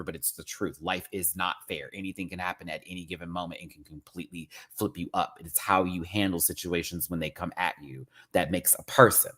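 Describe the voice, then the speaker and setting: Sassy low-voiced man ranting. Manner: sassy, expressive, drag slang. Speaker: TV show reviewer. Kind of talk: casual rant review.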